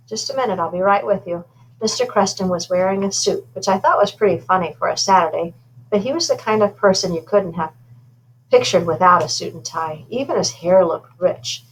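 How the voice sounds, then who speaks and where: A woman's voice: on the low side, a bit bright, slight background noise, poor audio. Woman reading a children's book aloud. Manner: informal, with asides about her own slips. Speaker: reader.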